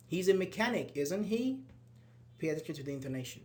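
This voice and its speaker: A man's voice: on the high side, big pitch swings, a little fast, a little mellow. A man teaching an English grammar class, patiently explaining and reading out example sentences, with frequent restarts.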